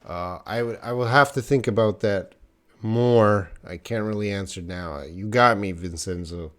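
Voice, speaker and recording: A man's voice: lowish voice, a little slow, fairly bright tone. Chatty man teaching English live. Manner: chatty, answers viewers' questions with playful teasing. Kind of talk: live-streamed English lesson.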